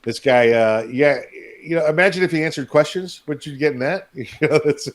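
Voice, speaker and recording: A man's voice: on the high side, fairly quick. A man hosting a podcast in casual chat, joking and laughing often. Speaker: podcast host.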